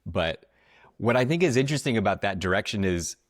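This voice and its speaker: A man co-hosting a casual film podcast, talking in a halting way with many fillers and restarts. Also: on the low side, animated, no room sound, studio quality. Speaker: podcast co-host.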